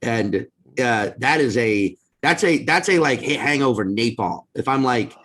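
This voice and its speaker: A man appearing as a comedian guest on a podcast, talking in an animated way with frequent restarts. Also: mid-range voice, a little slow, breathy edge. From US South. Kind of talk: casual chat.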